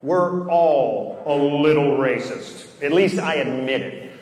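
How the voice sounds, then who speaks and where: Male stand-up comic, slightly high voice, punchy one-liner delivery; echoey theater, loud noise. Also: measured pace. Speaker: stand-up comedian. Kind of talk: stand-up comedy set. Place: large theater stage.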